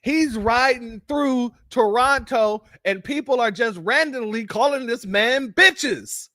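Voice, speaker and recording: An American man hosting a live-stream commentary, sarcastic and animated, calling his viewers family. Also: extremely high pitch, slow, no echo, studio quality. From United States.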